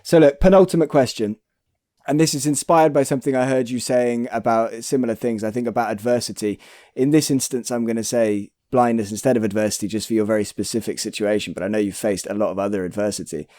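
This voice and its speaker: A man's voice: mid-range voice, fairly even intonation, fast, dark tone, no echo, studio quality. A man hosting a podcast interview, friendly and chatty, often affirming his guest and loosely framing his questions. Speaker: podcast host. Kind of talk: casual interview.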